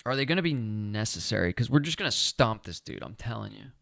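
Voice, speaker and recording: Playing a board game solo on stream, he reasons aloud, tallies his moves, and checks what viewers think, relaxed and now and then cursing. The voice is fairly low, slightly fast, and creaky, with crisp studio sound and no echo.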